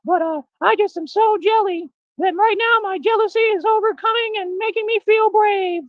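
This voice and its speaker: A man voicing a jealous house cat that poses as tough, in a mocking squeaky falsetto. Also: fairly even intonation, moderate pace, dry recording, narrow, tinny audio.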